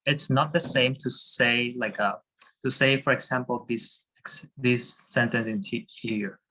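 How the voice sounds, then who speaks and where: Patient bright-voiced Spanish teacher. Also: male voice, medium pitch, steady tone, a little slow, poor audio. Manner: patient, encouraging, with many fillers. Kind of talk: online class teaching.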